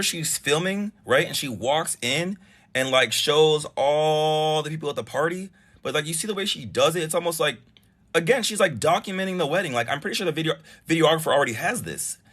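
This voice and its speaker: A man's voice: a little high, expressive, a little fast, a bit bright, breathy edge. A man casually narrating and reacting to a story, with incredulous, sarcastic asides. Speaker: reaction commentator.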